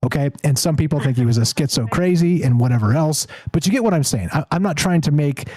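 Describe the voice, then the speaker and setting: A man's voice: fairly high pitch, animated, quick pace, darkish tone, rough recording. A man hosting a call-in talk show, rambling and self-interrupting with a wry edge. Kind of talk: casual talk-radio conversation.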